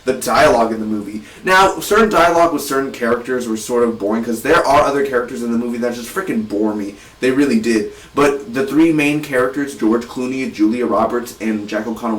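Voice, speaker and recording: An eighteen-year-old man talks through a movie review with loose, excited energy, often restarting his sentences. His voice sits at an ordinary middle pitch. It is recorded in a roomy space, a little away from the mic. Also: recorded from a distance. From South Texas. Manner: energetic, rambling, frequent restarts. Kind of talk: casual movie review vlog. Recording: roomy, voice set back from the mic.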